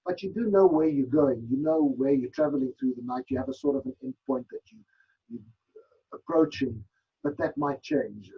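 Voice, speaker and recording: A man with a gravelly, husky voice and a lively, swinging pitch. He answers interview questions thoughtfully, often restarting as he searches for words. The sound is dull and lo-fi. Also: moderate pace. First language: Afrikaans. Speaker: author guest. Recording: dull lo-fi broadcast audio.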